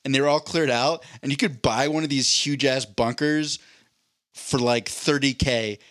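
A man co-hosting a podcast in casual chat, telling animated stories, swearing and mimicking other people. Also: mid-range voice, normal speed, no echo, clean studio sound. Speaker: podcast co-host.

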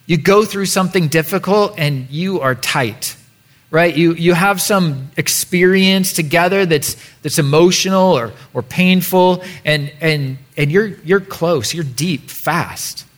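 A man delivers a sermon in a church with a casual, joking manner. His voice sits a little high for a man, and he talks to the congregation as if chatting with friends. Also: unhurried. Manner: conversational and playful, with mock voices. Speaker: pastor.

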